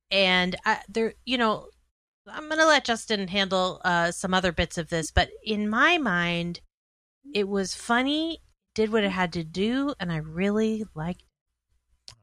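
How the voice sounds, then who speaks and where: A woman's voice: mid-range voice, pushed and bright, no echo. A woman judging on a podcast, chatting in an effusive, enthusiastic way. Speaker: judge. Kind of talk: casual podcast chat.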